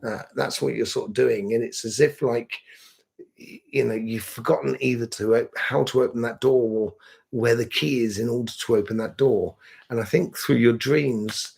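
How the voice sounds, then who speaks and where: Gravelly, husky man reading tarot. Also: mid-range voice, steady tone, moderate pace, a little mellow. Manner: rambling, hesitant, many fillers and restarts. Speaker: tarot reader answering viewers.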